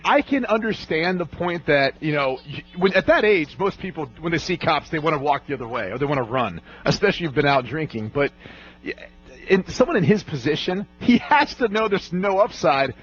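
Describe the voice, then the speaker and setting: A man's voice: fairly high pitch, animated, a little fast, fairly bright tone, breathy edge, soft background music. A man co-hosting sports radio, analyzing and thinking aloud with restarts. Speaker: radio co-host. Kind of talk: casual sports radio talk. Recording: muffled radio broadcast.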